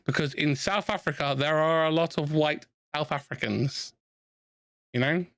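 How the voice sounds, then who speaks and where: A man's voice: on the high side, normal speed, fairly bright tone, no room sound. A man with a South East London accent, chatting loosely with friends over a game and restarting his sentences often. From England. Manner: rambling, restarts often, laughs easily. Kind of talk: casual chat over gameplay.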